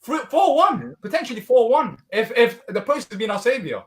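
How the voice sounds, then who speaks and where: A man's voice: very high-pitched, big pitch swings, normal speed. A man hosting a casual football watch-along, exasperated and laughing often. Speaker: host of a football fan channel.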